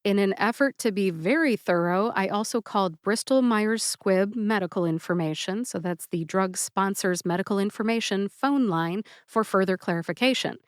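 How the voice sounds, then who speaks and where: Clear, deliberate woman host. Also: medium pitch, no echo, clean studio sound. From United States. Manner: clear, deliberate, slows to spell out syllables. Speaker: pharmacist podcast host. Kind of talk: scripted educational podcast.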